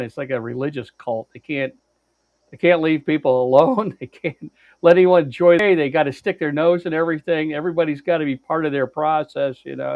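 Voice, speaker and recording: A man tells a meandering story in a loose, chatty way, stumbling over restarts and filler words and not minding a curse or two. His voice sits a bit high for a man. The recording is dead dry and muffled, with the top end rolled off. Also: creaky, dry recording. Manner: rambling storyteller, lots of uh and restarts, blunt and profane. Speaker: podcast co-host. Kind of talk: casual chat, telling a road-trip story. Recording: dry, dull lo-fi sound.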